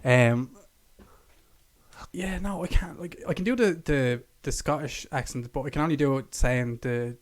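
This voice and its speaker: Guy co-hosting a podcast, mid-pitched, rambles on with likes and ums. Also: a little slow. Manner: rambling, full of fillers. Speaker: podcast co-host. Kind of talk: casual chat.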